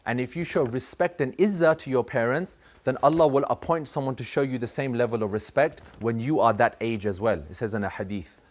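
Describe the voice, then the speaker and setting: A man's voice: medium pitch, fairly quick, few pauses. A man speaking to schoolchildren as a teacher, telling a moral story and acting out the boy and the father in it. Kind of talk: storytelling talk to a school class.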